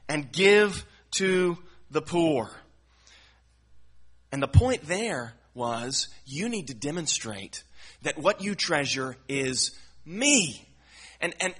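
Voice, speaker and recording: Earnest guy preaching, bit high voice, bright and sharp, repeats words a lot. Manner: earnest, explanatory, frequent word repeats. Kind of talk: expository Bible teaching.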